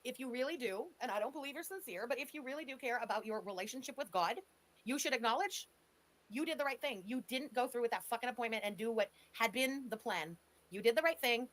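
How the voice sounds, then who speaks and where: A woman's voice: a little high, fast talker, fairly bright tone. A woman giving blunt, sarcastic reaction commentary, scolding the person on a clip. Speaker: stream commentator.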